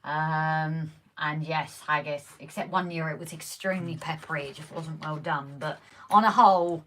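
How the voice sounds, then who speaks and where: A woman's voice: deep voice, steady tone, normal speed, a bit bright. A woman co-hosting a casual home live stream, chatty and teasing, often laughing. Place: home hobby room.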